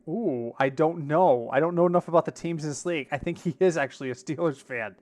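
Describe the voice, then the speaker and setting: A man with a slightly high, somewhat mellow voice talks at a quick pace as he co-hosts a casual podcast. He recounts stories, acting out the lines spoken by the people in them.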